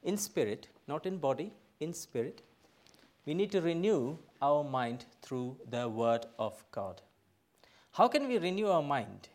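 A middle-aged man, a pastor, preaching a sermon in a church, emphatic, swinging from loud bursts to quiet asides. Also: on the high side, sing-song, a little slow. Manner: emphatic, rising to loud bursts then dropping soft.

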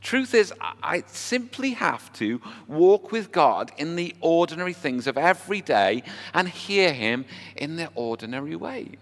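A man's voice: a little high, very animated, measured pace, a bit bright. A man preaching a sermon, talking in a conversational way and asking the congregation rhetorical questions. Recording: long hall reverb with faint music.

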